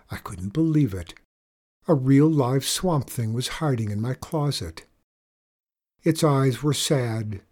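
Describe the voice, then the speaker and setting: A man reads a first-person storybook tale aloud at a slow, deliberate pace. His voice sits at an ordinary middle pitch, and his delivery is measured and even. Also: breathy edge. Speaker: audiobook reader.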